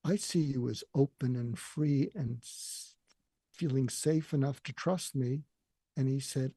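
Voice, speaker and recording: An older man shares a deeply personal story, earnest and emotional, often quoting others. His voice is gravelly and husky with a dark, mellow tone. The recording is dry and close. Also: a little slow, no echo. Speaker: guest.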